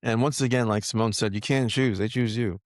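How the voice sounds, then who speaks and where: A man co-hosting a casual spiritual podcast, telling a story in a relaxed, easygoing way. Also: medium pitch, a little fast, no room sound, studio quality. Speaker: podcast co-host.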